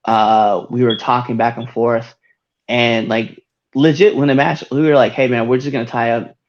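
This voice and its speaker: A male podcast host in mid pitch, telling stories in loose, casual chat and breaking into laughter often. The audio is a bit dull and lo-fi. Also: steady tone, moderate pace.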